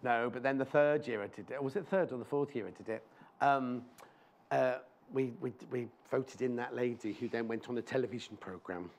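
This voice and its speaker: A man's voice: medium pitch, moderate pace. A man presenting a live shopping show in a TV studio, chatting in rambling anecdotes and speaking fondly to viewers.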